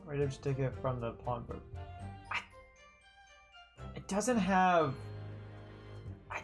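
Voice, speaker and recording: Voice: mid-range voice, animated, unhurried, pauses often, soft background music. A streamer chatting casually while playing a game, rambling and correcting themself. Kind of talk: casual let's-play commentary.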